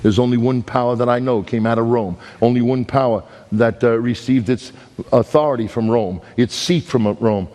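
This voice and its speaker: Emphatic Brooklyn preacher in a reverberant hall. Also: male voice, moderate pace, a little mellow. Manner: storytelling, dramatic swings in pitch, emphatic. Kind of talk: sermon.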